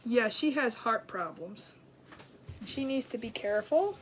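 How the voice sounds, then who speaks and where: A middle-aged woman, a craft show host, telling stories in a chatty, rambling, colloquial way that grows animated as she retells them. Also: a little high, measured pace, slight background noise. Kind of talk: casual storytelling chat.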